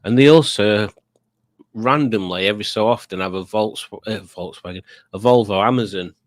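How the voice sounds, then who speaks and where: In a casual live stream from home, a middle-aged man with a lowish voice keeps a moderate pace. His talk is rambling and chatty, with plenty of self-mockery.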